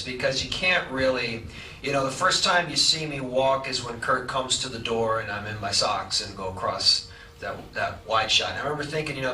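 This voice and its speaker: A man answering an audience question on stage, rambling and halting, laughing at himself. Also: medium pitch, bright, forceful tone, a little hiss or hum. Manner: rambling, self-amused, halting. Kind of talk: live Q&A answer. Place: large cinema hall at a live event. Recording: echoey hall, distant mic.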